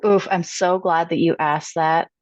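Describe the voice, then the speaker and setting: Woman trainer guest, animated storyteller, low-ish voice, dry muffled podcast audio. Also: a little slow, no room sound. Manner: animated, quotes her client's words aloud.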